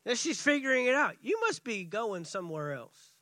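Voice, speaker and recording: Man preaching a sermon, high voice, acts out scripture dialogue, dry close sound. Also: moderate pace, no room sound. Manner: preaching, shifts between excited and hushed delivery. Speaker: pastor.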